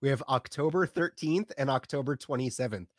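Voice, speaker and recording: A man's voice: mid-range voice, brisk, no room sound. A male co-host makes self-mocking jokes in live-stream banter. His voice sits mid-range and is recorded dry and close. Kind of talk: live-stream casual chat.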